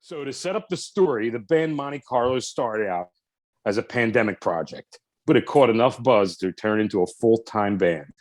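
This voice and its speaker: A man's voice: mid-range voice, expressive, normal speed. A man hosting a casual podcast, giggling and restarting his intro as he goes. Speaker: podcast host.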